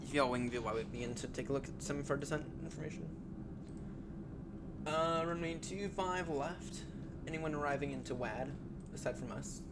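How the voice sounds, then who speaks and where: Heavy background noise surrounds a young American man with a somewhat high voice who talks at a normal pace. He's casually chatting during a flight simulator stream, rambling and repeatedly correcting himself.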